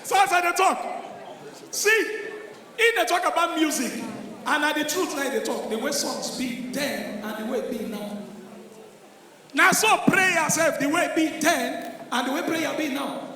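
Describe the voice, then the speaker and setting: A Nigerian man doing a stand-up comedy routine on a live stage, loud and excitable, often breaking into shouts. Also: very high voice, a little slow, long pauses. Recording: echoey live venue with crowd.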